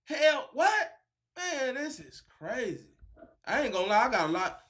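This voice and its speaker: A man hosting a casual reaction video, animated and profane, laughing and breaking into shouts. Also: very high-pitched, measured pace.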